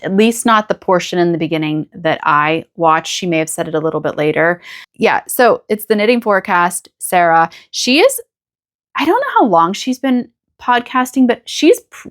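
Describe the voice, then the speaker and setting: A woman from the United States chatting casually as the host of a knitting podcast, gushing and rambling with small restarts. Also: on the low side. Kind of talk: casual chat to camera.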